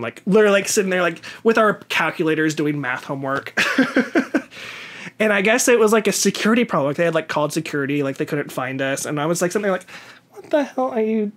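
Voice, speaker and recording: A man's voice: fairly high pitch, fairly bright tone. A young man co-hosting a casual podcast chat, telling stories with lots of "like" fillers and acted-out quotes. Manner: rambling storyteller, many "like" fillers, acts out quotes. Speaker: podcast co-host.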